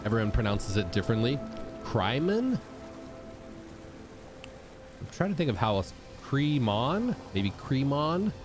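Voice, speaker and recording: Animated young man streaming over game music. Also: lowish voice. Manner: animated, chatty, shouts out subscribers. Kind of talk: casual gameplay commentary. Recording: game music playing behind.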